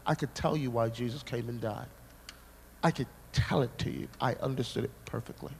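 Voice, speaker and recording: A man preaching a sermon, telling a personal story with dramatic, animated delivery. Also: mid-range voice, fairly quick, creaky, slight background noise.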